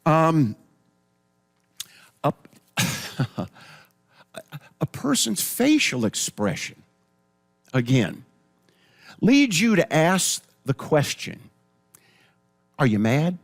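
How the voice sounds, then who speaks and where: A man in a live class, teaching biblical counseling with a lively, swooping delivery that rises and falls a lot. His voice sits a little high for a man. He reads scripture aloud and stumbles into restarts and repeated words as he explains. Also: very slow, vocal fry, pauses often.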